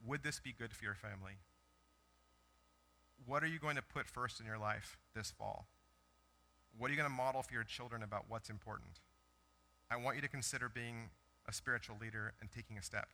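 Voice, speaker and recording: Bright-voiced pastor preaching conversationally. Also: male voice, mid-range voice, brisk, pauses often. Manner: conversational, animated storytelling with self-corrections. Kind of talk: sermon. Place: church sanctuary.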